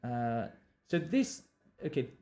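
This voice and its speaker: A man's voice: mid-range voice, big pitch swings, slow, mellow. A male novelist on a live stream, talking through his writing with many fillers and restarts and reading draft lines aloud. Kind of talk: thinking aloud while drafting.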